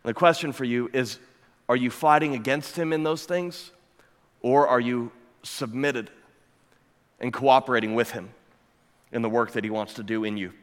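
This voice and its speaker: A man's voice: medium pitch, moderate pace, pauses often. Emphatic male pastor in a reverberant church. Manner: emphatic, building with repeated phrases and rhetorical questions. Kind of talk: sermon. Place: church sanctuary. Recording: long hall reverb.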